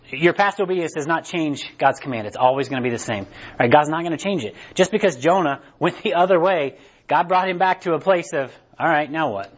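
Conversational male preacher, lo-fi sound. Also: fairly high pitch. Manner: conversational, repeats "right?" often. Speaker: pastor. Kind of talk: sermon.

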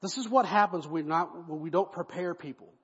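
A male pastor preaching an expository sermon in an animated, conversational style, recorded in a church with an echoey hall and dull lo-fi sound. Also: high voice, fairly quick, breathy edge.

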